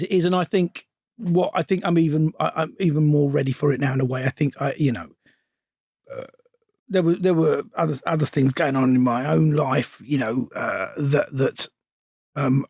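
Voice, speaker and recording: Guy, middle-aged, raspy gravelly voice, kinda high, lots of restarts, gets animated telling stories, dry close sound. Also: moderate pace, dry recording. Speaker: interview guest, film director. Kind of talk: casual anecdote-telling.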